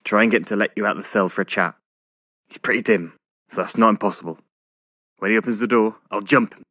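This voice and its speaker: An actor playing a sardonic Scottish outlaw with a put-on, inauthentic Scottish accent, dry and matter-of-fact. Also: male voice, fairly low pitch, fast talker, sharp tone, no room sound. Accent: attempted Scottish, not authentic. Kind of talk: comic audio drama acting.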